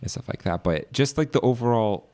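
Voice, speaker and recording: A man's voice: mid-range voice, lively intonation, brisk, dark tone. A man interviewing an artist in a casual, enthusiastic way, with lots of fillers.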